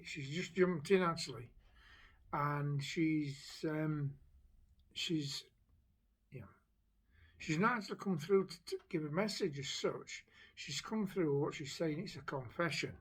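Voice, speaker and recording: A man's voice: on the high side, measured pace, slightly rough. A man working as a psychic medium, relaying a spirit's story in a chatty, hesitant way, with many restarts. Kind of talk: spirit message monologue.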